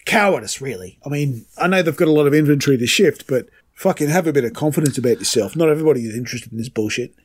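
A man's voice: mid-range voice, expressive, racing, few pauses, breathy edge. A man co-hosting a casual sports podcast, blunt, opinionated and sweary. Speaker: podcast co-host.

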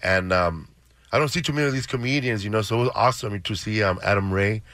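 Comedian guy rambling on a radio show, bright voice, dry sound. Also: fairly low pitch, fast talker, no room sound. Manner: rambling storyteller, many fillers. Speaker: comedian guest. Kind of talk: casual radio chat.

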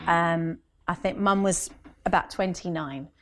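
Interview guest: woman, slightly low voice, chatty, acts out quotes. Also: measured pace, a little hiss or hum. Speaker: guest, brand consultant. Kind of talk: conversational interview.

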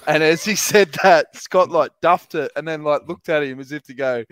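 A man's voice: a little high, moderate pace, fairly bright tone, dry recording. A man with an Australian accent, co-hosting a podcast and telling jokey, sweary stories. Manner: joking storyteller, sweary. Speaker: podcast co-host. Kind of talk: casual chat.

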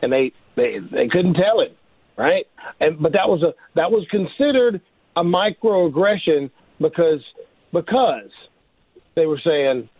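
A man's voice: a little high, animated, a little slow, breathy edge, no echo. A man co-hosting a talk radio show, speaking indignantly and stumbling over repeated words. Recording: thin phone-like radio audio.

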